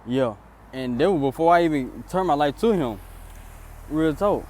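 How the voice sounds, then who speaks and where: A man's voice: animated, normal speed, a little mellow. A young man casually recounting a story outdoors in a rambling, repetitive way. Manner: rambling, repetitive "then boom" narration.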